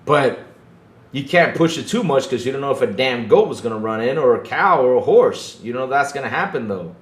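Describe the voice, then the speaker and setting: A man's voice: medium pitch, lively intonation, a little fast. A man hosting a casual gaming podcast, laid-back and chuckling, often repeating himself and tagging his lines with "though". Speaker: podcast host. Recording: echoey room.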